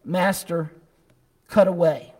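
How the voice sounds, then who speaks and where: A preacher voicing a noble male bamboo plant in a told story, pleading slowly and tremulously, recorded in a church. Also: high-pitched, fairly even intonation, darkish tone, in a large hall, pitched below the performer's own voice. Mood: hushed.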